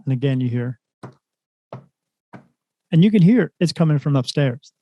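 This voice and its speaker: A man in a casual podcast chat spins a long story with animated energy, slipping into the lines of the people in it. His voice sits a little high for a man but has a mellow, soft tone. The recording is close and dry. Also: normal speed, long pauses, no room sound, highs cut off. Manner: animated retelling, acts out quoted voices. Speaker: podcast guest, spirit medium.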